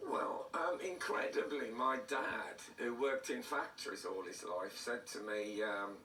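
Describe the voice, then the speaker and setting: A man's voice: fairly low pitch, a little slow, few pauses, pushed and bright, slight background noise. A man, a comedian telling dry, self-mocking stories in a casual interview, his voice throaty. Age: 60s. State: throaty, hoarse. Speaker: comedian guest. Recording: roomy studio heard from a distance.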